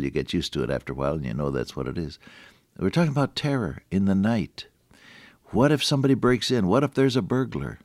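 A man's voice: low-pitched, no echo, studio quality. An older man giving a folksy, conversational devotional sermon, quoting Scripture between homey stories and restarting his sentences as he goes. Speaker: radio preacher.

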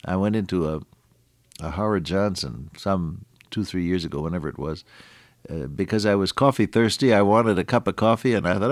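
A man's voice: sits low, fairly quick, no room sound. An older man preaching a radio sermon in a folksy, earnest way, telling stories and asking listeners along.

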